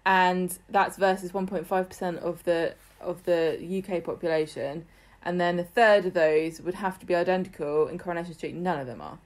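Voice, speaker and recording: A woman's voice: lowish voice, fairly even intonation, normal speed, few pauses. A woman co-hosting a podcast, chatting casually with dry jokes and pointed questions. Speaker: podcast co-host. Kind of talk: casual chat.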